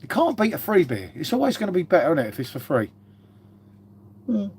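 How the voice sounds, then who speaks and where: A man's voice: sits high, wildly swooping pitch, a little fast, a little mellow, a little hiss or hum. A British man hosting a casual live stream, chatting and swearing freely, calling everyone "mate" as he reads out viewer comments. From Britain. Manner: chatty and matey, swears a lot, says "mate" constantly.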